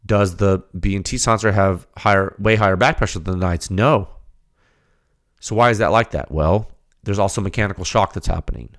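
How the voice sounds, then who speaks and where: A man hosting a technical podcast, talking in an animated, ranting way with rapid rhetorical questions before settling into explaining data. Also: low voice. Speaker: podcast host.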